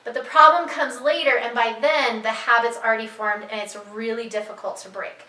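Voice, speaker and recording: A woman's voice: a little high, steady tone, a little fast, bright, forceful tone, reverberant, distant mic, poor audio. A woman who teaches reading, explaining to parents how to guide their child, patient and repeating her key points. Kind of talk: instructional talk to parents.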